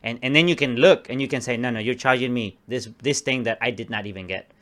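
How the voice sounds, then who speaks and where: A man's voice: mid-range voice, fast, a bit bright. Young guy rambling thru a story on a podcast, loose and swears a lot. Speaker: podcast co-host. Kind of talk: casual chat.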